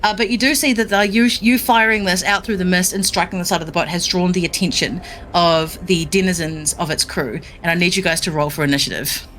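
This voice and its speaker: A woman's voice: lowish voice, steady tone, brisk, a bit bright, slight background noise. A woman narrating as dungeon master, chatty and full of fillers. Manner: chatty, filler-heavy, breaks into silly voices. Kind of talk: narrating a tabletop game.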